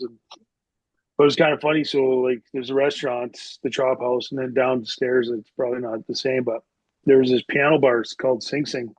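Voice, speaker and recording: A man's voice: mid-range voice, level tone, a little fast, no echo. A middle-aged man tells casual stories as a podcast guest. He rambles freely and leans on filler words. The recording sounds dull and lo-fi in a dry, close space. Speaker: podcast guest, former hockey player. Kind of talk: casual storytelling.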